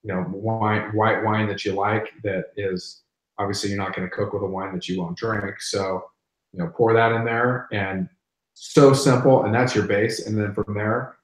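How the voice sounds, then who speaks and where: A man's voice: lowish voice, steady tone, moderate pace, reverberant, rough recording. A middle-aged man hosting a barbecue channel, chatting casually and animatedly, often repeating words as he goes. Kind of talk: casual live-stream chat.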